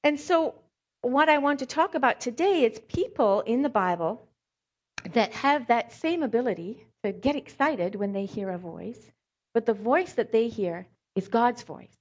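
A woman from Africa, giving a Bible teaching talk and telling a story with animated, acted-out asides. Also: on the high side, unhurried, dull audio. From South Africa. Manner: animated storytelling, acting out her own thoughts. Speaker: speaker.

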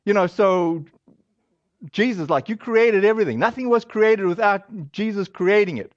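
A man with a fairly high voice preaches in a loose, chatty way, often slipping in fillers and quick asides. The sound is very dry with no room around it, and the recording is a little dull and lo-fi. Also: dry recording. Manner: casual and animated, acts out quoted voices, many fillers. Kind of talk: conversational sermon.

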